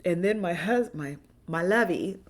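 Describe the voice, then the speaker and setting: Candid, swearing woman with a lower voice. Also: expressive, unhurried. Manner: candid, rambling, swears freely. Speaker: podcast host. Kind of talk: personal monologue podcast.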